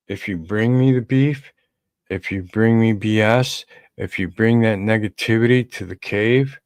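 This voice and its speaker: Man, podcast co-host, unhurried delivery, emphatic, repeats himself, dry close sound. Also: medium pitch, a little mellow, no echo. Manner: emphatic, repeats key lines. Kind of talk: casual livestream talk.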